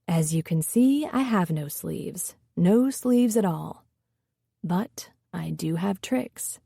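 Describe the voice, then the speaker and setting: A woman voicing a rugged, playful man who is a tender lover, speaking low and softly with a teasing manner. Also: lively intonation, slow, gravelly, no room sound, clean studio sound, heavily acted. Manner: teasing, low and soft-spoken.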